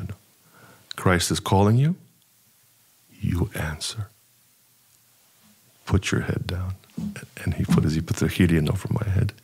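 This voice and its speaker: A middle-aged priest telling a personal story in an interview, unhurried and hesitant, with many fillers. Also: male voice, low voice, creaky, a little mellow, slightly rough.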